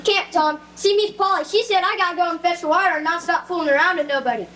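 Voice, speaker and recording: A woman plays a nervous, polite young servant who speaks in folksy, old-time phrases, and her voice sits very high. A faint hiss runs under the stage recording. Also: quick pace, a bit bright. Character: timid, dutiful young servant man. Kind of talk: stage play acting.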